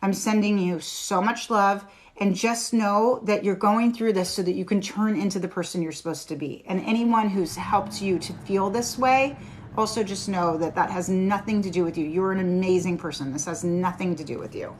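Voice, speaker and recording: A woman's voice: mid-range voice, moderate pace, slight background noise. Lady doing a live tarot stream, chatty and reassuring, talks right to her viewers. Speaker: tarot reader.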